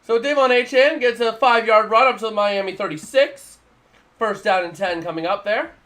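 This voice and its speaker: A man with a fairly high voice calls scores and plays as they come in on his live stream. He talks in a loose, rambling way, circling back to the same point again and again. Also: moderate pace, pushed and bright. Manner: rambling, repeats himself, casual. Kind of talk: live play-by-play and analysis.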